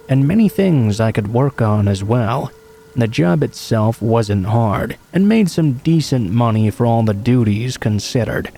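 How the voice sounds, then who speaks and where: A man calmly reading true horror stories aloud as a scripted narration. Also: mid-range voice, vocal fry.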